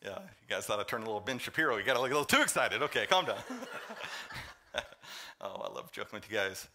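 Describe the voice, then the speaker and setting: A male pastor preaching a sermon, joking with the congregation and swinging between loud emphasis and quiet intensity. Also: medium pitch, expressive, quick pace, a little hiss or hum.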